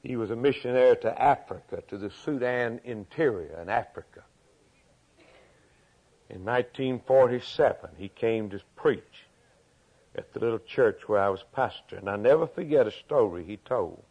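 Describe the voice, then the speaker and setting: An older man preaching a sermon as pastor, moving from loud, high preaching to quiet storytelling. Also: moderate pace, husky. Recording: dull lo-fi recording.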